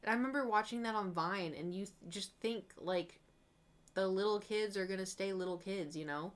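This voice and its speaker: While painting on her stream, a young woman with a mid-range voice talks at a moderate pace. Her storytelling is rambling and animated, full of exclaimed quotes of her own past reactions.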